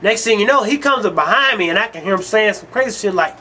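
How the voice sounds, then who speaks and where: Guy hosting his own show, ranting and cussing a lot, pretty high voice, bright and sharp. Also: animated, fairly quick, few pauses, a little hiss or hum. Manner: heated, cursing, storytelling. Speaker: online show host. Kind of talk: profane ranting monologue.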